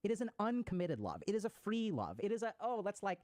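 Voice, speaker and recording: In this dry recording, a man talks fast about attachment styles, a psychology lecture where he explains concepts and plays out ordinary scenarios. He's a mental health speaker whose high-pitched, slightly mellow voice swoops wildly in pitch.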